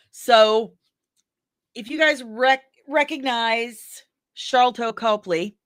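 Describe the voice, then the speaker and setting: A woman's voice: medium pitch, a bit bright, dry recording, clean studio sound. A woman hosting a casual entertainment news show, chatty and rambling with jokey asides. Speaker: host.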